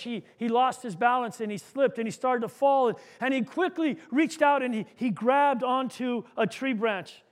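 A male pastor preaching an earnest sermon, repeating words as he goes and acting out a story. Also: sits high.

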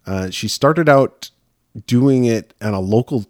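A man's voice: mid-range voice, animated, slow, no echo, studio quality. A man hosting a casual horror podcast, talking loosely with many fillers and restarts. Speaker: podcast host. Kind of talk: casual chat.

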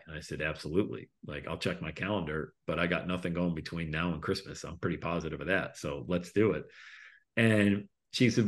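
Middle-aged guy, kinda low voice, animated storyteller doing little voices for people in his story. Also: fairly quick. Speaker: guest speaker and coach. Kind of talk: casual storytelling interview.

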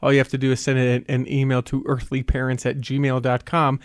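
A man's voice: mid-range voice, monotone, fairly quick, clear, resonant tone, dry recording. Casting: male podcast host, sore tongue, rambling and teasing, dry booth sound. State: sore tongue affecting his speech. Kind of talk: casual podcast chat. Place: home studio.

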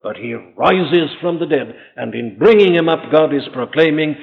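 A man preaching with emphasis, with a fairly high voice for a man. He keeps posing rhetorical questions and answering them. The sound is dull and lo-fi, with a long reverb trailing behind each phrase. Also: expressive, moderate pace, creaky. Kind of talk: sermon.

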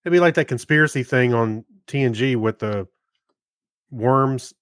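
A man co-hosting a casual podcast, agreeing often and speaking in halting restarts. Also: medium pitch, fairly bright tone, clean tone, no echo, clean studio sound. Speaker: podcast co-host. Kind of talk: casual chat.

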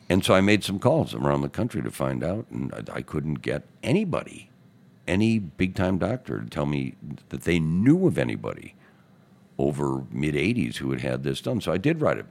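An older man from Chicago, a newspaperman and radio host, telling animated anecdotes as a guest in a podcast studio. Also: extremely low pitch, gravelly. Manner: animated anecdotes, acting out quotes in other voices. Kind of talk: casual storytelling interview.

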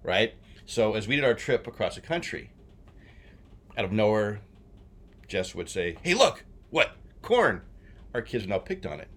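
A man in his forties from New Jersey, co-hosting a casual chat and telling stories he acts out with shouts. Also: lowish voice, normal speed, pauses often. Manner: animated storyteller, acts out shouts. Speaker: podcast co-host.

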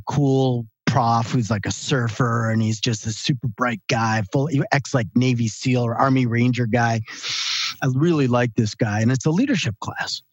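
A man in his late fifties with a husky, slightly breathy voice tells stories as a podcast guest, slipping into the voices of the people he quotes. The recording is dry and a little dull. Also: medium pitch, dry recording. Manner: animated storyteller who acts out quoted dialogue. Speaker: guest, author and researcher. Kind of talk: storytelling in a podcast interview.

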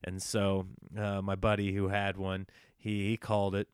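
A young man tells a story in a relaxed, chatty way, slipping into the voices of the people he quotes. His tone is smooth and resonant, picked up close with no room sound. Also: sits low, normal speed, dry recording. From small-town United States. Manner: animated, acts out quoted dialogue, frequent fillers and restarts. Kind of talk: casual storytelling monologue.

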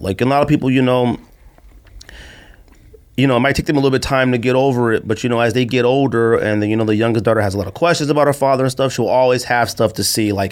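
Man, podcast co-host, casual chat, rambling, lots of fillers, mid-pitched voice. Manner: rambling, full of "like" and "you know".

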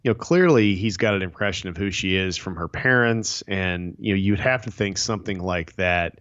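Low-voiced man on a dull, dry line. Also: moderate pace, fairly bright tone, dry recording. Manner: conversational, hesitant restarts. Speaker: podcast guest. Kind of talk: casual podcast chat.

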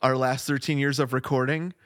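A man's voice: mid-range voice, flat delivery, a little fast, dry recording, clean studio sound. A man co-hosting a podcast, chatting casually and laughing easily while reading ads and talking about his week. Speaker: podcast co-host. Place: home studio, Flagstaff.

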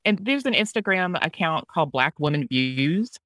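A woman's voice: low voice, animated, normal speed, fairly bright tone, no room sound, clean studio sound. A woman taking part in a podcast discussion, speaking with enthusiasm. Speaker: podcast guest. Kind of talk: casual discussion.

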